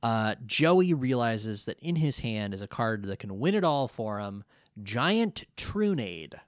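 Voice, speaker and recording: A man's voice: medium pitch, slow, no echo, clean studio sound. A man in his twenties co-hosting a casual podcast, recapping an anime episode and acting out quotes as he tells it. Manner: animated storytelling, acts out quotes. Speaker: podcast co-host.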